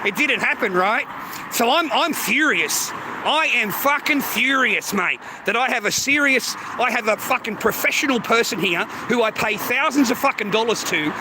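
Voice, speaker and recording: A man's voice: very high-pitched, lively intonation, normal speed, noisy background. A man with an Australian accent ranting in a casual, heated, profanity-filled monologue. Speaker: streamer.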